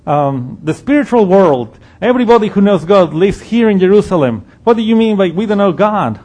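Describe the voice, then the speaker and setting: A man voicing an indignant townsman protesting quickly. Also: high-pitched, lively intonation, darkish tone, pitched above the performer's own voice. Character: indignant crowd of city dwellers, adult men.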